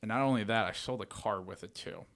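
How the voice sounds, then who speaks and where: A man talking as a podcast guest, telling lively anecdotes in a casual way and acting out what everyone said. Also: lowish voice, fast, creaky. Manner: animated, retells scenes with "I'm like". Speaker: podcast guest, real estate wholesaler. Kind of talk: casual storytelling.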